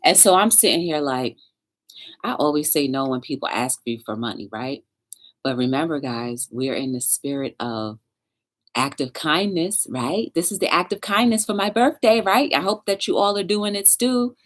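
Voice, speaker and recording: A woman's voice: low-pitched, moderate pace. A woman hosting a talk show, telling a story in a casual livestream chat and talking straight to her viewers. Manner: chatty, animated, talks straight to viewers.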